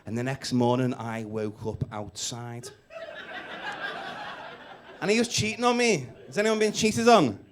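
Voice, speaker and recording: A man's voice: mid-range voice, a little slow, pauses often, noisy background. A man in his late thirties with a Scouse accent, doing crude, teasing stand-up and crowd work on a comedy club stage. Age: late 30s. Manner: brash, crude, teasing the audience. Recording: live gig with loud crowd laughter. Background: audience laughing.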